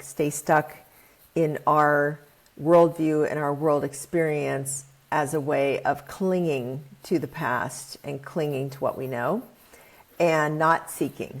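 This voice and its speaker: A woman being interviewed as an expert author, explaining her ideas in a quick, animated way. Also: deep voice, vocal fry. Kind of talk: podcast interview.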